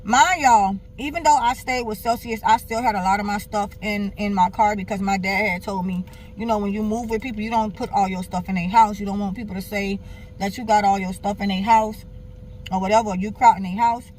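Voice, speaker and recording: A young woman talks straight to her viewers, candid and animated, her speech loose and full of asides. Her voice sits at an ordinary middle pitch. Faint traffic noise hums behind her. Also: brisk. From Miami, Florida. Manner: animated, candid, swears freely, keeps addressing viewers. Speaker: vlogger. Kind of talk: casual personal storytelling.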